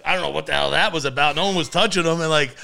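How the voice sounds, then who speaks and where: A man's voice: on the high side, very fast, gravelly, pushed and bright. A man co-hosting a podcast, telling rambling stories in casual chat and laughing often. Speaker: podcast co-host.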